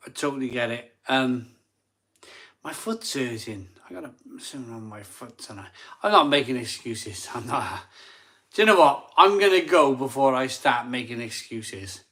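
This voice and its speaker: A man's voice: mid-range voice, expressive, moderate pace, a bit bright. A man hosting a live stream, a bit drunk and tired, rambling and repeating himself as he reads out viewer messages. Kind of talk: casual live chat reading super chats.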